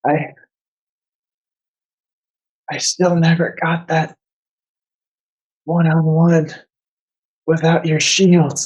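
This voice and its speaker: A man's voice: a little high, little pitch movement, measured pace, few pauses, darkish tone, breathy edge, muffled recording. Man as injured woman fighter; drowsy tease, slightly raised voice. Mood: teasing.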